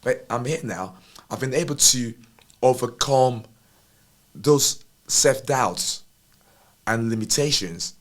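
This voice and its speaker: A man's voice: medium pitch, slow pace, long pauses. A man co-hosting a podcast, talking in a rambling, self-deprecating way with many restarts. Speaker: podcast co-host. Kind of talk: casual podcast chat.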